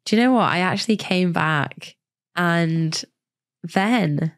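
Woman podcast co-host, lowish, husky and hoarse, chatty and giggly. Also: slow. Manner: chatty, laughs often, rambling restarts. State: hoarse, unwell. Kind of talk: casual chat.

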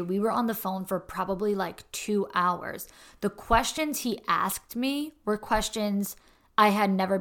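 Young woman, podcast host, casual storytelling, chatty, lots of "like", vocal fry. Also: medium pitch, a bit bright. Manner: chatty, peppers speech with "like" and "honestly".

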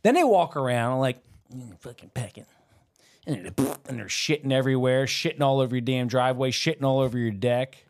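A man co-hosts a casual podcast chat, rambling, cursing freely and losing his train of thought. He talks fast at a medium pitch.

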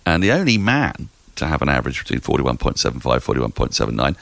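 A man talking as a podcast guest in casual chat, animated, playful and a little rambling. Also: a bass voice, fast, vocal fry, no room sound.

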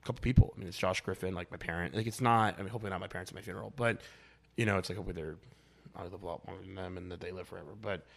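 A man's voice: low voice, fairly even intonation, racing, creaky, a bit bright. A young man chatting casually as a podcast guest, rambling and blunt, with lots of filler words and swearing. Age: young adult.

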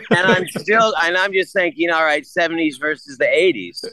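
A man in his sixties telling a story in casual chat, animated and profane, acting out what others said. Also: on the high side, moderate pace, dry recording, rough recording. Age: 60s. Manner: animated, profane, acts out quotes.

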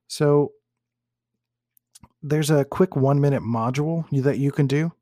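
A man reading a book passage aloud in a measured way, sometimes restarting words and adding comments of his own. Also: medium pitch, mellow, no echo, studio quality. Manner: measured, with occasional restarts and self-corrections.

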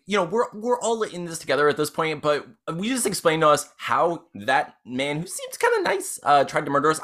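A man's voice: fairly high pitch, a bit bright. Rambling, laughing man at the table. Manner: rambling, laughs often, many fillers. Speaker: player. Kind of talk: casual chat during a tabletop game.

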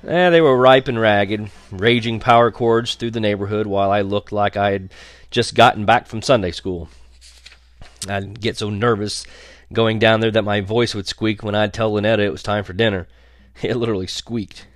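A man's voice: lowish voice, fairly even intonation, moderate pace, no echo. A young man narrating a first-person story in a wry, conversational way. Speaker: audiobook narrator.

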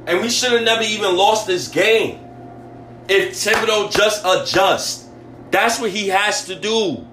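A man's voice: high-pitched, bright, forceful tone, roomy sound, a little hiss or hum. A man hosting a sports podcast, ranting in a heated, exasperated way with casual slang and lots of repetition. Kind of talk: emotional sports rant.

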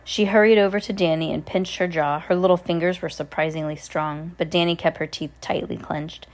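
Woman, casual read-aloud to a child at home, lowish, self-correcting. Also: steady tone, brisk. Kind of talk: reading a storybook aloud.

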